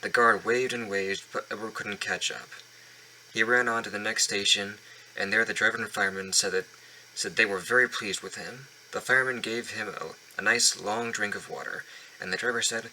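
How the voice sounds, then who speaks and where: A man's voice: lowish voice, normal speed, sharp tone, slight background noise, rough recording. A man reading a children's storybook aloud at home, often stumbling and restarting lines. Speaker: reader of a children's book. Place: home basement.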